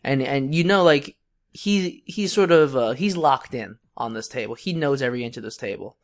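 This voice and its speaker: Animated and medium-pitched, a young podcast co-host talks at normal speed through a long, loose story. He rambles casually, with lots of fillers and false starts.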